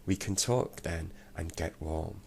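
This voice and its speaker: A man reading out a cautious, practical young girl from a children's storybook, in a hushed, urgent way. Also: sits low, slow pace, vocal fry, slight background noise, full character voice. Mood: earnest.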